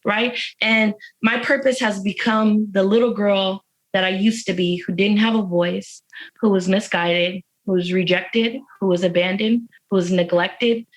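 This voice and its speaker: A woman's voice: medium pitch, fairly even intonation, a little slow, rough recording. A woman being interviewed from jail, speaking about her life with earnest, faith-filled emphasis and repeated phrases, moved close to tears. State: emotional. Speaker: interview guest, incarcerated mother. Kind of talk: heartfelt personal testimony.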